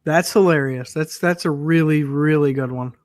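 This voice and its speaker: A man's voice: fairly high pitch, moderate pace, no echo, studio quality. A man co-hosting a podcast who laughs a lot and reacts with teasing, profane remarks. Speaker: podcast co-host. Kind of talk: casual chat.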